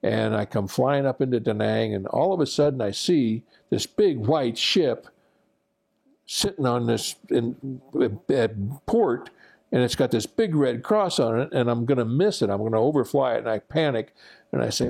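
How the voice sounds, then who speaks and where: A man's voice: mid-range voice, animated, normal speed, vocal fry, darkish tone. An older man, a former military pilot, telling a rambling, self-deprecating personal anecdote with fillers and restarts. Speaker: veteran pilot recounting war memories.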